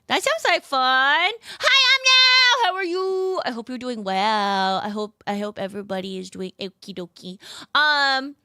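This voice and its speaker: Bubbly, bright-voiced young woman streamer. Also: medium pitch, no room sound, clean studio sound. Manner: bubbly, rambling, cutesy slang. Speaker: VTuber streamer. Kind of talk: casual live-stream chat.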